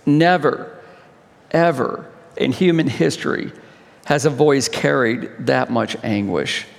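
Man, pastor preaching communion, gravelly voice, impassioned, long hall reverb. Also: medium pitch, lively intonation, slow pace. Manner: impassioned, swelling and dropping to hushed tones. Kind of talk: communion sermon.

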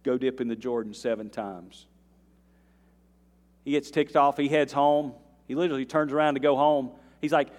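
A male pastor preaching a sermon, swinging between quiet earnest passages and loud, rising bursts, with folksy asides to the congregation. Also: mid-range voice, a little fast. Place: church sanctuary. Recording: long reverb of a church hall.

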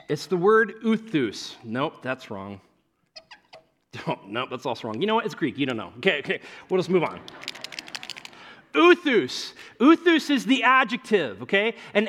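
Animated high-voiced male pastor preaching. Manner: conversational and animated, acting out quoted voices. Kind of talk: sermon. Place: church.

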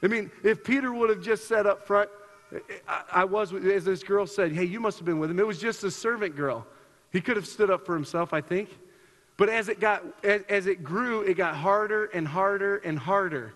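A man's voice: normal speed, fairly bright tone. A man preaching a sermon, earnest and repetitive, reading scripture and then reflecting on it. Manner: earnest, repeats himself, rises in pitch for emphasis. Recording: long hall reverb.

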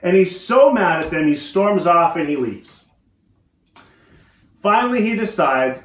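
A man with a high voice preaches in a church, retelling a story with lively energy and wry asides. His voice rings around an echoey church room. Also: normal speed. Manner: animated storytelling with joking asides. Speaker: pastor. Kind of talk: sermon.

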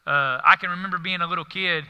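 Bright, ringing preacher in a reverberant hall. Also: male voice, high-pitched, fast, clear, resonant tone. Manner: earnest, rising to emphatic stresses, with frequent fillers. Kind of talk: conversational sermon.

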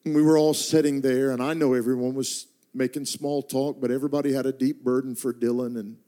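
A middle-aged pastor telling a personal story in a sermon, moving between quiet, slowed narration and rising, impassioned intensity. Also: male voice, little pitch movement. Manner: builds from hushed, slow narration to impassioned, high-pitched intensity.

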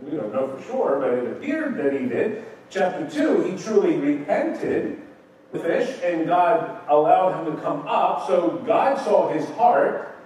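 A man preaching in a church, his slightly high voice carried across a very echoey room. He sounds a little distant from the mic, with faint background noise behind him. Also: big pitch swings, unhurried, darkish tone. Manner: conversational, rhetorical questions, acts out quotes. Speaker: pastor. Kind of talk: evening sermon, Bible teaching.

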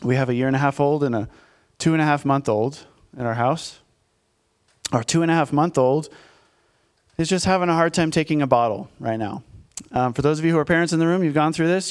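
Male pastor in his thirties, conversational sermon; candid, self-mocking storyteller with a smooth, clear voice pitched a bit high. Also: brisk. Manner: candid, self-deprecating storytelling with frequent fillers.

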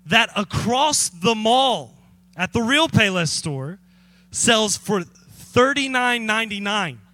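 High bright-voiced male pastor preaching. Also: takes it slowly, no room sound. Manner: animated storytelling with chuckles and asides to the congregation. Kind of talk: sermon.

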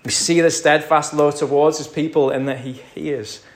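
A man's voice: on the high side, steady tone, normal speed, a little hiss or hum. A man preaching a sermon, building to emphatic peaks and dropping to near-whispers. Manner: rises to emphatic crescendos, drops to near-whisper. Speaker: pastor.

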